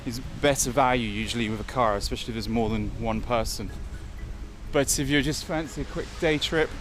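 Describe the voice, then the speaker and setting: Strolling the beach for his vlog, a man from England rambles through his opinions in a brisk, slightly bright medium-pitched voice. A faint hiss or hum sits under the recording.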